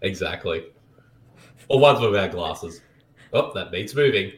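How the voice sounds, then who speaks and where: A man co-hosting a casual movie commentary, chatty and quick to laugh. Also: low voice, lively intonation. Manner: laughs often, chatty and jokey. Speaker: podcast co-host. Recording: echoey room.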